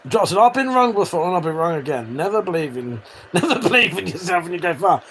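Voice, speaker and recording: A British man talking to his live-stream chat in a loose, teasing way, swearing freely. His voice sits a bit high for a man and jumps around a lot as he banters. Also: sing-song, fast talker, a bit bright, slight background noise. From United Kingdom.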